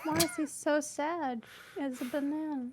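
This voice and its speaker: A woman's voice: high voice, fairly even intonation, measured pace, darkish tone. A woman who is a guest on a casual chat show, playful and teasing.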